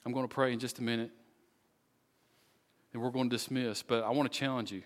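A man preaching as pastor at the end of a sermon, earnest and pleading, with slow, deliberate phrasing. His mid-range voice rings with the long reverb of a church sanctuary. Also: medium pitch, little pitch movement. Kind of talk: sermon closing and prayer.

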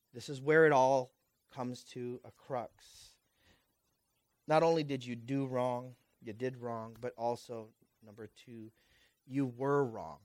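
A man preaching a sermon with passion, swinging between loud urgent peaks and hushed asides, and throwing rhetorical questions at his congregation. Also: mid-range voice, dry recording.

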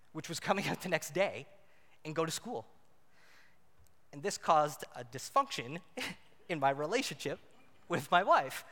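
A married man preaching a sermon, shifting between loud emphatic passages and quiet, intimate ones. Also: on the high side. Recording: church hall reverb.

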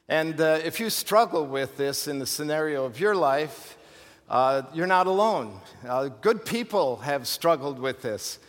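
A male pastor preaching an animated, emphatic sermon with rhetorical questions and humorous asides. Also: a little high, unhurried. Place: church sanctuary. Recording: long hall reverb from a church.

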